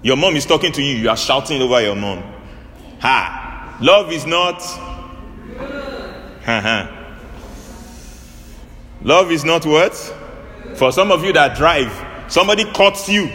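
A man's voice: fairly high pitch, unhurried, long pauses, slight background noise. A man preaching a sermon, drawing answers from his listeners with repeated questions. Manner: animated call-and-response preaching. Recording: long hall reverb, faint ambience.

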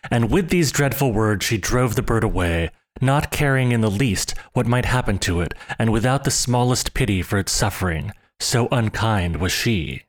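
A man's voice: fairly low pitch, normal speed, hardly any pauses. Man reading a storybook aloud. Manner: steady, expressive read-aloud. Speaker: narrator.

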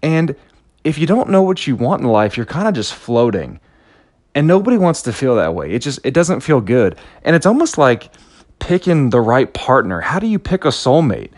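A man's voice: mid-range voice, big pitch swings, normal speed, no room sound, clean studio sound. A man in his thirties giving a motivational talk, telling a personal story in an earnest, anecdotal way with frequent restarts.

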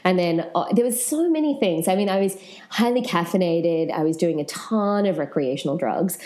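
A woman's voice: lowish voice, normal speed. A woman guest telling her personal story frankly and with animation in an interview. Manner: frank, animated, swears casually.

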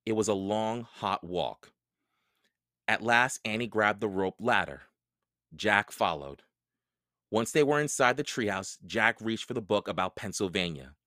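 A man reading a children's book aloud, narrating in a slow, expressive storytelling way. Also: lowish voice, dry recording, clean studio sound.

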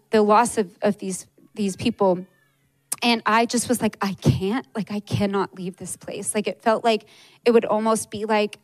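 Higher-voiced woman giving a testimony. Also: no room sound, poor audio. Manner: conversational, frequent fillers. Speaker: church speaker sharing a testimony. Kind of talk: personal testimony sermon.

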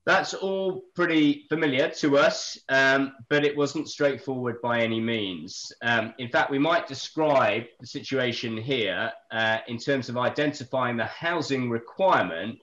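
A man on a planning discussion panel, talking through appeal decisions in a dry, joking but brisk factual way. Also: medium pitch, fairly bright tone, highs cut off. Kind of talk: casual expert discussion.

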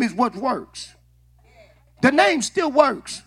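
Man, preacher, very high voice, bright and forceful, call-and-response sermon, shouting, repeats words. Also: sing-song, moderate pace. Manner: repeats words and restarts often. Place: church sanctuary.

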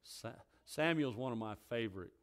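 A man delivering a sermon in a mid-pitched voice. He reads scripture softly and low, then rises in pitch and volume when he applies it to his listeners. His delivery swings between calm reading and fervent preaching. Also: fairly quick.

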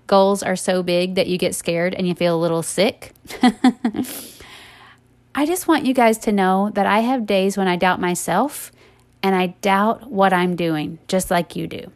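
A woman's voice: medium pitch, a little mellow. A woman hosting a podcast, talking casually and earnestly to her listeners, often laughing, then turning encouraging. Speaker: podcast host and coach. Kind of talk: casual monologue.

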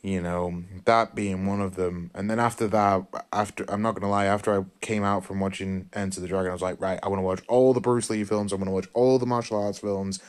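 A man with a somewhat low voice talks through a film review in a loose, casual way. He rambles and gushes with enthusiasm as he goes. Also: steady tone, brisk, few pauses, smooth. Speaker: podcast host.

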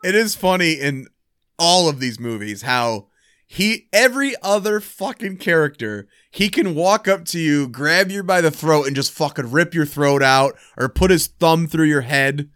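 Smooth-voiced man, swearing and joking. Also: fairly high pitch, animated, a bit bright, no echo, studio quality. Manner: profane, joking, drawn-out musing. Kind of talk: casual chat about horror films.

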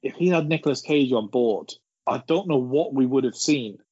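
A man's voice: mid-range voice, moderate pace, darkish tone, breathy edge, no echo. A man, rambling through an anecdote in casual podcast chat. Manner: rambling storyteller, laughing as he tells it. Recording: dull lo-fi sound.

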